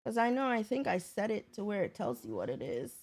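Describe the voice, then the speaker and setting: A woman's voice: medium pitch, very animated, brisk, darkish tone. A woman streamer in casual chat, greeting viewers by name and talking loosely with them. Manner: chatty, talks to viewers by name. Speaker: livestreamer.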